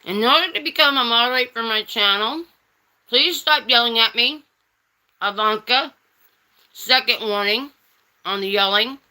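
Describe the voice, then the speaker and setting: A woman's voice: fairly high pitch, moderate pace, pauses often, pushed and bright. A woman hosting a casual livestream, reading chat and teasing viewers with pet names like honey and darling.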